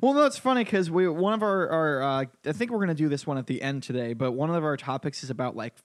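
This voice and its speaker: A man's voice: fairly high pitch, animated, fast talker, dry recording, clean studio sound. A man hosting a podcast in casual banter, rambling with fillers and laughing often. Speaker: podcast host.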